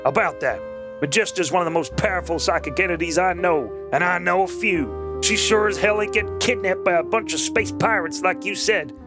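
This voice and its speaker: A man's voice: high voice, a little fast, over music, pitched above the performer's own voice. A man voicing a laid-back, tough male space outlaw who drawls casually. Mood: defiant.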